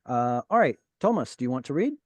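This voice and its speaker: Male teacher, patient and encouraging, dry close sound, average pitch. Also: very animated, fairly quick, dry recording. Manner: patient, explains and encourages students. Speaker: Hebrew teacher. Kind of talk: online class teaching. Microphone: video call.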